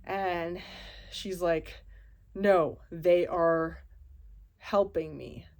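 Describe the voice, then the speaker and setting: Chatty woman, low voice, rambling. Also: steady tone, drawn-out words. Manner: rambling, filler-heavy, anxious retelling. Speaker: vlogger and landlord. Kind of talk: casual storytelling vlog.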